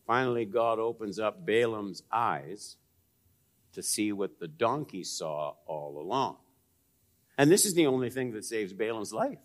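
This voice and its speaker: A man preaching a sermon, swinging between raised emphasis and hushed, low asides, and putting direct questions to his listeners. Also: lively intonation, unhurried. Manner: direct, probing questions to the congregation. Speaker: pastor.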